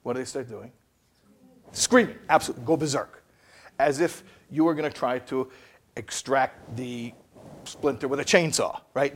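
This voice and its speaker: A man delivering a lively motivational talk in a gravelly, slightly husky voice. He leans on rhetorical questions and acts out little scenes as he tells stories. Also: medium pitch, normal speed. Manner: storytelling with rhetorical questions and acted-out dialogue. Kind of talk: animated motivational lecture.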